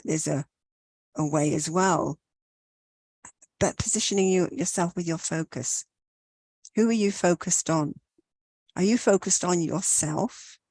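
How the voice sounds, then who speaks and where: A woman giving a motivational talk in a steady way, asking reflective questions. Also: fairly low pitch, no echo. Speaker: talk show co-host.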